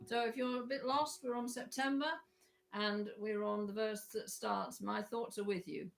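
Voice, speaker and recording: A woman leading an online choir rehearsal, chatty and hesitant, with a croaky voice, often breaking into sung parts. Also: mid-range voice, fairly even intonation, moderate pace, faint music behind. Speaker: choir leader.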